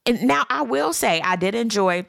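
A woman, giving a sassy, animated recap as a reality TV host. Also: moderate pace, creaky, dry recording, studio quality. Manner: sassy, animated commentary with dramatic pitch swings. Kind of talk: casual chat.

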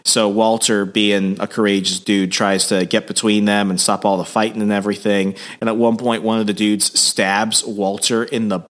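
A man co-hosting a casual podcast, recapping a story in an animated way. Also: on the low side, moderate pace, hardly any pauses. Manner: animated storyteller, slips into voices. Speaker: podcast co-host. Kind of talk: casual chat, recapping a comic.

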